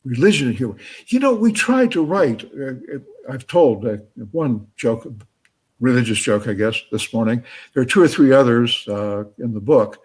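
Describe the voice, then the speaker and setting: A man with a husky, slightly rough voice answers questions at a live talk, sitting at a middle pitch. He speaks haltingly, with lots of fillers, and chuckles as he thinks his answers through. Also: lively intonation, a little mellow. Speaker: author answering audience questions.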